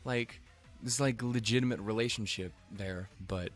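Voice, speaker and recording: A man's voice: medium pitch, normal speed, few pauses, soft background music. A man casually recapping an anime episode, rambling and swearing freely with chuckling asides. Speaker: anime reviewer.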